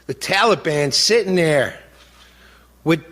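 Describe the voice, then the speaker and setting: A man's voice: fairly high pitch, lively intonation, takes it slowly, a bit bright. A middle-aged man giving an impassioned public speech as a grieving father, blunt and emotional, full of rhetorical questions. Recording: long hall reverb.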